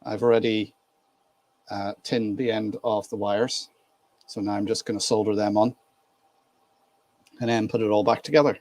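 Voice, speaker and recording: A man from Ireland with a low voice, hosting a relaxed live stream. He chats easily, laughs often and greets viewers by name as he works at his hobby bench. The sound is dry and close. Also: moderate pace, pauses often, dry recording. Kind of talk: casual live-stream chat while doing model train work.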